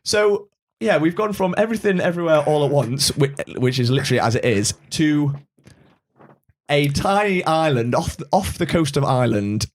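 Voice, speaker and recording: A man's voice: fairly high pitch, animated, normal speed. A man co-hosting a podcast, talking through a film in an easygoing way and checking the details as he goes. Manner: easygoing, looks details up, agrees often. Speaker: podcast co-host. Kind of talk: casual film chat.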